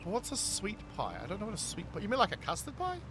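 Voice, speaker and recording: A man's voice: high-pitched, wildly swooping pitch, fast talker, background noise. A man, chatting casually with his live-stream viewers as he plays, reading chat aloud and laughing often. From New Zealand. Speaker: game streamer.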